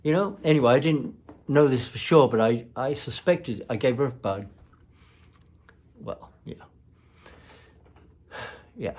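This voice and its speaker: A man casually telling a personal story, rambling and halting with many fillers and restarts. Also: medium pitch, lively intonation, a little mellow, husky.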